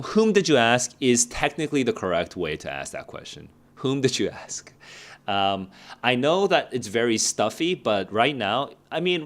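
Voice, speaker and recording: A man tutoring for a test in a casual live Q&A, repeating grammar drills slowly and answering chat questions. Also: fairly low pitch. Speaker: SAT tutor. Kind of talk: casual livestream Q&A lesson.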